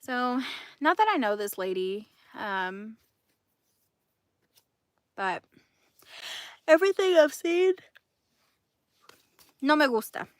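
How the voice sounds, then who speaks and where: Woman, livestream host, casual gossip, indignant, animated, dry sound. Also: a little high, slow, pauses often, no echo. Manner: animated, indignant, laughs often.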